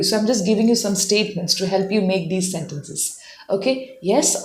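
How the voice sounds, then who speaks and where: A woman teaching English pronunciation at a moderate, mid-range pitch. She explains patiently and says sample sentences slowly so learners can repeat after her. The room gives her voice a noticeable echo. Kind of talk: spoken English lesson.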